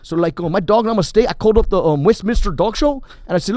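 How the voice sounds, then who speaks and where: A man's voice: sits high, fast talker, hardly any pauses, dry recording. A man, a comedian guest, telling stories in a casual chat and slipping into character voices, recorded in a podcast studio. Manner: animated storyteller, jumps into character voices.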